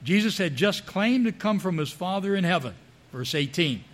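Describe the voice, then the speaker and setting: During a sermon, a male preacher whose voice sits a little high for a man works through a passage of scripture. He reads each verse aloud, then pauses to explain it, speaking at normal speed with lively intonation.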